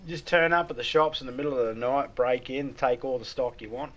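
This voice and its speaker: A man's voice: mid-range voice, fairly quick, a bit bright. Laid-back Australian man telling crude jokes. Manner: crude jokes in a laid-back drawl, says "mate" often. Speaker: streamer host. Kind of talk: casual joke-telling chat.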